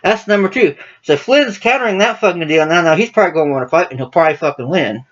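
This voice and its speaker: A man's voice: on the high side, lively intonation, fast, lo-fi sound. A man hosting his own political commentary channel, ranting casually to camera in a profane, combative, heated way.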